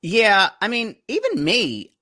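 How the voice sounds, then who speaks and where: Animated, gossipy man podcast co-host. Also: high-pitched, slow, no echo, studio quality. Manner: playful, gossipy, laughs often. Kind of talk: casual chat recapping a TV show.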